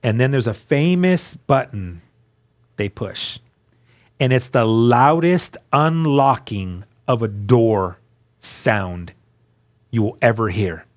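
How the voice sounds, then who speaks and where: A man's voice: mid-range voice, animated, slow. A man recounting his personal testimony in an interview, telling the story earnestly and acting out the dialogue he quotes. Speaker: guest sharing testimony.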